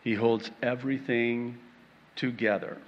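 A man preaching a sermon, slow and dramatic, breaking into playful acted-out quotes and laughter. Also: mid-range voice, steady tone, in a large hall, lo-fi sound.

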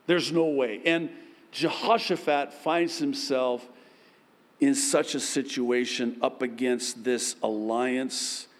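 Pastor, male, measured sermon delivery, long reverb. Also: medium pitch. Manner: acts out both sides of dialogues with God, animated.

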